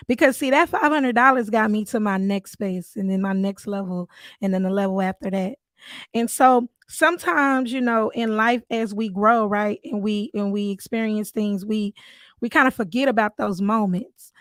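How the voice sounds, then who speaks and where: A woman's voice: medium pitch, dry recording. A woman, a mother, hosting a podcast and telling a personal faith story in an earnest, storytelling manner. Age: adult, mother of three. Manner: earnest, storytelling, with warm asides. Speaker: podcast host.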